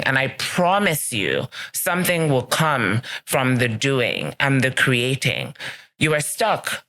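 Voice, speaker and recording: A woman with a bass voice and fairly bright tone hosts a solo motivational podcast. She speaks earnestly and emphatically, repeating key phrases as she encourages her listeners.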